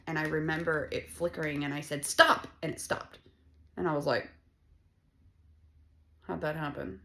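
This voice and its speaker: Frank, foul-mouthed woman with a somewhat low voice, chatting loosely through a tarot reading. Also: fairly bright tone. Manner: blunt and profane, rambling and conversational. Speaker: tarot reader. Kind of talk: casual tarot reading monologue.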